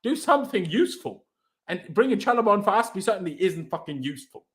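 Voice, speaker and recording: A young man hosts a fan reaction stream in a high, lively voice. His pitch swings up and down as he rants in exasperation and fires off question after question. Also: fast talker. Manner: exasperated, ranting with repeated rhetorical questions. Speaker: host of a football reaction stream. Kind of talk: heated post-match fan reaction chat.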